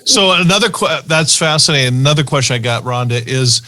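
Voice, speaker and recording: A man's voice: on the high side, lively intonation, brisk, sharp tone. A man co-hosting a podcast who asks questions and often repeats words as he starts a sentence. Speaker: podcast co-host. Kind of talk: interview questions.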